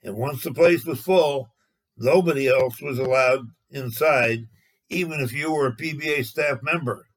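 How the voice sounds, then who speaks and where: A man, a former lane man, narrating a personal anecdote in a steady retelling. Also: medium pitch, normal speed, low-quality recording. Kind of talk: storytelling narration.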